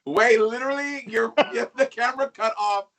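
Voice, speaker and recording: A man chatting as a guest, animated and gossipy, laughing often. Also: very high voice, normal speed. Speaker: guest, drag performer. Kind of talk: casual chat.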